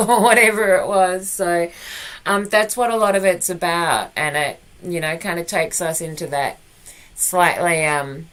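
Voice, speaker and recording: A woman's voice: medium pitch, fairly even intonation, moderate pace. A woman with an Australian accent chatting playfully between songs on a live stream from home, laughing often. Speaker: live-stream host and performer.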